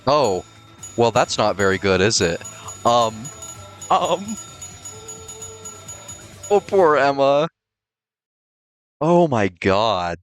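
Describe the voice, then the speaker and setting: A man's voice: mid-range voice, very slow, long pauses, faint music behind. A man hosting a let's play, reacting with laughs and swearing and reading game dialogue aloud. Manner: excitable, swears, laughs often.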